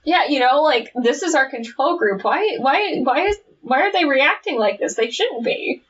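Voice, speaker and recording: A woman's voice: high-pitched, expressive, moderate pace, fairly bright tone. A woman co-hosting a horror podcast, giggling and riffing on the story as she reads it aloud. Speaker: podcast co-host. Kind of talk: casual comedic chat and story reading. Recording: distant lo-fi mic with faint noise.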